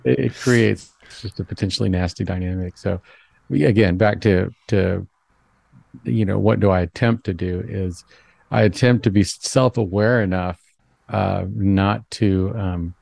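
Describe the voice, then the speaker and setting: Deep gravelly man, thoughtful guest. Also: steady tone, a little mellow, no room sound. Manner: thoughtful, measured, self-deprecating. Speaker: psychologist guest. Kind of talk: conversational interview.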